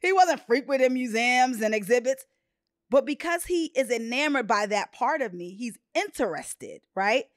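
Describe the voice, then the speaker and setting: A woman hosting a podcast, chatting casually and telling personal stories with expressive, quoted voices. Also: a little high, moderate pace, dry recording, studio quality. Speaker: podcast host. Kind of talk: casual chat.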